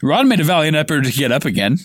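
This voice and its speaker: A man's voice: on the high side, very animated, fast, a little hiss or hum. A man co-hosting a podcast, reading a book aloud casually with playful asides. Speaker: podcast co-host. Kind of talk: casual read-aloud with commentary.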